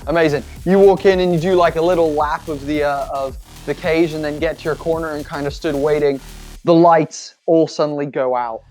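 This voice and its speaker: A man narrating a tabletop game as game master, animated, loose and jokey, full of filler words. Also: a little high, a little fast, faint music behind.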